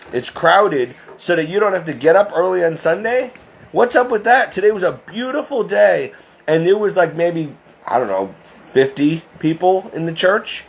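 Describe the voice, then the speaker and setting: A man's voice: a little high, husky. A man talking straight to his viewers in an impassioned religious monologue, emphatic and scolding. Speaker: Catholic video blogger.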